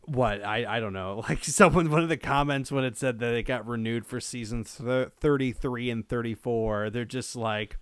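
A man's voice: medium pitch, moderate pace, few pauses, fairly bright tone, clean tone, no echo, studio quality. A man co-hosting a podcast, talking casually with restarts, fillers and the odd swear. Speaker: podcast co-host. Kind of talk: casual chat.

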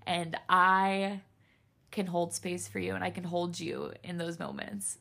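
A woman's voice: on the low side, level tone, measured pace, vocal fry, a bit bright. A woman hosting a solo podcast, speaking in a raw, candid way, emotional and close to tears, swearing freely. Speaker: podcast host.

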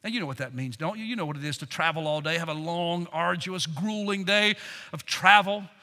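Older male pastor, bright high voice, fervent sermon swinging loud to soft, church hall reverb. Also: brisk.

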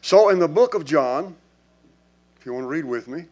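A man's voice: fairly high pitch, lively intonation, moderate pace, a little mellow. A man preaching a sermon to his congregation in a church. He talks in an emphatic, conversational way and calls out to the people in front of him. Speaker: pastor.

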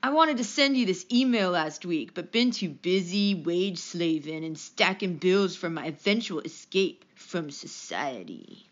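A woman's voice: on the low side, lively intonation, measured pace, hardly any pauses. A woman putting on a California surfer accent to voice a laid-back male surfer, drawling and exaggerated. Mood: goofy. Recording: dull lo-fi recording.

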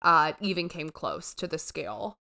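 A woman's voice: fairly low pitch, animated, moderate pace, gravelly, pushed and bright. Chatty laughing woman co-host. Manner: chatty, laughs often, many fillers. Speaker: podcast co-host. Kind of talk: casual chat.

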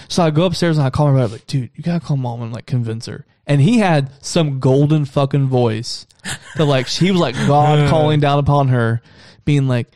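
Fast-storytelling young man, dry close mic. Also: medium pitch, warm tone, dry recording. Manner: swearing, storytelling with acted-out quotes. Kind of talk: casual chat.

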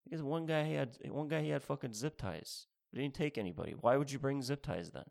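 A man doing a stand-up set with a mid-pitched, everyday voice. He rambles and repeats himself in a sarcastic tone, spelling out mock instructions as if teaching a class. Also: brisk, creaky, a little mellow. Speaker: stand-up comedian. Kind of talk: stand-up routine.

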